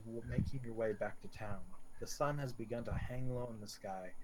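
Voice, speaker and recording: A man's voice: medium pitch, brisk, over a noisy crowd. A man acting as game master, recapping and narrating scenes for his players. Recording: noisy livestream audio.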